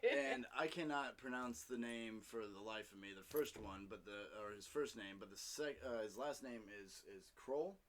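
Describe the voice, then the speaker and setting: A man co-hosting a casual podcast chat, quick to agree and often halting with uhs. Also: medium pitch, a bit bright. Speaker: podcast co-host.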